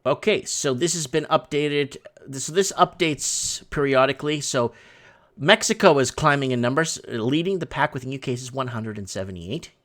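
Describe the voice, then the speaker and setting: A man's voice: medium pitch, normal speed, fairly bright tone. Chatty man reacting to the news. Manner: loose, chatty, reacts and loosely translates on the fly. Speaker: host. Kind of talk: casual commentary over live news.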